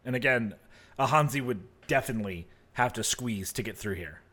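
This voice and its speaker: A man narrating as game master of a tabletop game, relaxed and hesitant with many fillers. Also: medium pitch, brisk.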